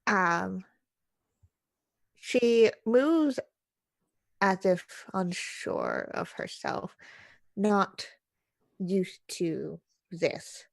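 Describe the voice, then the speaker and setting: A young adult woman narrating a tabletop horror game as game master, slow and hesitant with fillers. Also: medium pitch, very animated, gravelly, dry recording.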